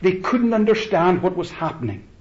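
A man preaching a sermon slowly and deliberately, rising to emphatic peaks and letting phrases trail off softly. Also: high-pitched, sing-song, dull audio.

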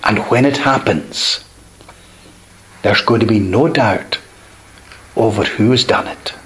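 A man preaching a sermon, expounding scripture with measured emphasis, dropping softly on key words. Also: on the low side, a little hiss or hum, poor audio.

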